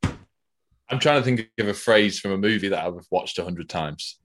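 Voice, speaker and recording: A man's voice: deep voice, moderate pace. A man co-hosting a casual podcast, chatting about plans in a plain, laid-back way. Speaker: podcast co-host. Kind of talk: casual chat.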